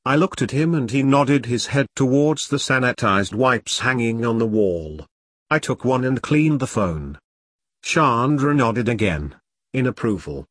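A man narrating a first-person story as an audiobook reader, telling it in an expressive, storytelling way. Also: mid-range voice, measured pace, no echo, studio quality.

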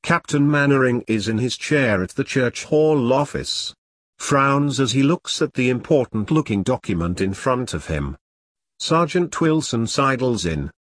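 A man's voice: medium pitch, expressive, measured pace, no echo. Man reading stage directions, dry sound. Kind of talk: reading a script aloud.

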